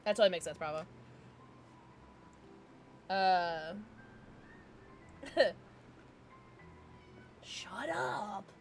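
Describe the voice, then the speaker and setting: A woman's voice: lowish voice, animated, extremely slow, long pauses, soft background music. A woman streamer chatting casually with her live viewers, giggling often as she reacts to the chat.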